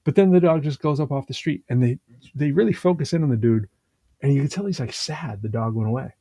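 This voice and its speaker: Rambling, mellow-voiced man chatting on a podcast. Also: medium pitch, fast talker, no echo. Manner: rambling, animated retelling with many fillers and restarts. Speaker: podcast co-host. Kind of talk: casual conversational chat.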